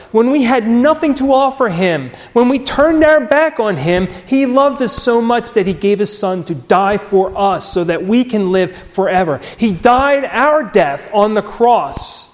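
A man preaching a sermon, earnest and emphatic, repeating key phrases with pauses. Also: high-pitched. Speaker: pastor. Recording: long reverb of a large hall.

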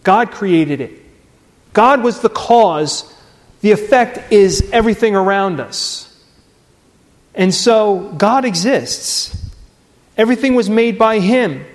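A man preaching a sermon, earnest and emphatic, repeating key phrases with pauses. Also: high voice, lively intonation. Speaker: pastor. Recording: long reverb of a large hall.

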